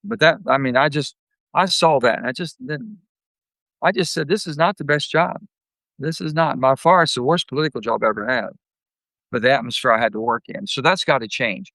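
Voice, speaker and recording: An older man, a guest telling blunt, folksy stories and acting out his anecdotes with lively jumps in pitch. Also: fairly quick, no echo, rough recording. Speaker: guest, former senator. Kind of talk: candid storytelling interview.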